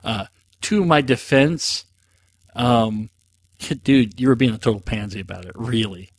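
A man talks casually in a rambling, self-mocking way, dropping frequent fillers as he answers listener questions. His voice sits at an ordinary middle pitch. The sound is dry and close, with no room around it. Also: measured pace, dry recording. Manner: rambling, self-deprecating, jokey, with many fillers. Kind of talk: casual solo talk.

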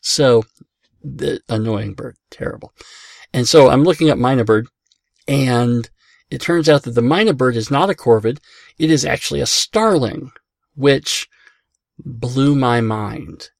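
Gravelly man rambling from his car. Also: medium pitch, measured pace, pauses often, no echo, studio quality. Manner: chatty, self-deprecating, easily amazed. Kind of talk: casual rambling chat. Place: parked car.

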